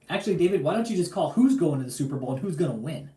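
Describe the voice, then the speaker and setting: Guy ranting on a livestream, swearing a lot, keeps repeating himself, dark voice, roomy echo. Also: on the high side, big pitch swings, fast. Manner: angry, profane, repeats himself, addresses target directly. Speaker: livestream host. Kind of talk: heated livestream rant.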